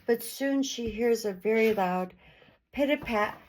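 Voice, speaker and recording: A woman reading folk tales aloud as a storyteller, slow and expressive. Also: mid-range voice, slight background noise, poor audio. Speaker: storyteller and channel host.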